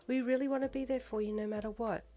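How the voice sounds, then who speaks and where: A woman voicing a gentle, caring young heroine in a fan fiction reading, speaking high and sweet to coax and reassure. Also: fairly even intonation, a little slow. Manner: soothing, encouraging, high and sweet.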